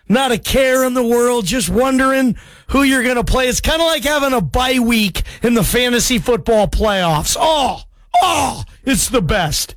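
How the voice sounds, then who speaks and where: A man hosts a call-in sports radio show from the studio, chatty and easily excited. His voice sits very high and he talks at an unhurried pace. The studio sound is close and dry. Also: no room sound. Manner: excitable, chatty, calls listeners bro. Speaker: radio sports talk host.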